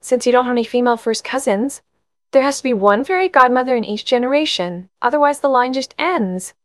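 A woman voicing an eager, nervously reassuring mother who talks excitedly about family fairy magic, in an audiobook. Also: high-pitched, brisk, no room sound, studio quality, pitched above the performer's own voice. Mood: enthusiastic. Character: eager, nervous middle-aged mother, chatty fairy-line enthusiast. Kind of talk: audiobook narration.

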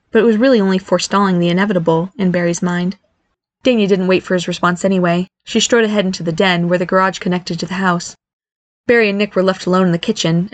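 A woman reads a story aloud in audiobook style, expressive and lively with the characters. Her voice is mid-pitched, and the recording is dry and close with no room sound. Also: no echo. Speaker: narrator. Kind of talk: audiobook narration.

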